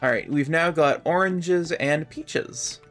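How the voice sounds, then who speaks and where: A man's voice: a little high, slow, fairly bright tone, soft background music. A man joining a friend's stream as a co-player in casual gaming chat, joking, laughing a lot and slipping into goofy bits.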